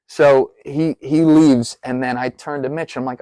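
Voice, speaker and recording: A man telling a story in casual podcast chat, animated and profane, acting out other people's lines with rising pitch. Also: normal speed, dry recording. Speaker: podcast guest.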